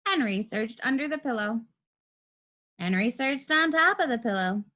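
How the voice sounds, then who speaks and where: A woman reading a children's storybook aloud, with expressive voice changes for the characters. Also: on the high side. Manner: lively, expressive reading with quick shifts for characters.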